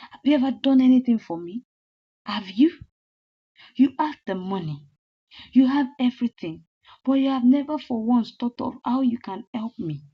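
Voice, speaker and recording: A woman's voice: on the high side, breathy edge. A woman voicing a scheming, spiteful young woman who taunts and airs her resentment. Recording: slightly muffled lo-fi audio.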